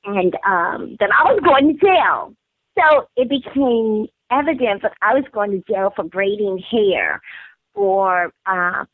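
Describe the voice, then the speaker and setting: A middle-aged woman, a hair braider, calls in to an interview and tells her story with emphatic, animated energy, acting out the voices of the people involved. Her voice sits at a middle pitch and comes through a tinny telephone line with a dry, close sound. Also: no room sound. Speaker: guest, hair braider and school founder.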